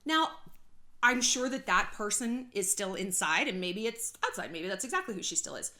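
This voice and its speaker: A woman's voice: medium pitch, very animated, normal speed, sharp tone. A woman from California hosting a casual gossip commentary vlog, chatty and sarcastic, laughing often and swearing freely. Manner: frequent swearing. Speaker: YouTube host.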